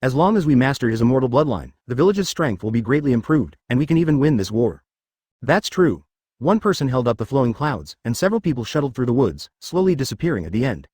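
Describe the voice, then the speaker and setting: A man's voice: medium pitch, sing-song, fast, a little mellow, slightly rough, no echo, studio quality. A man narrating a translated ninja fan-fiction story in a scripted, synthetic-sounding read.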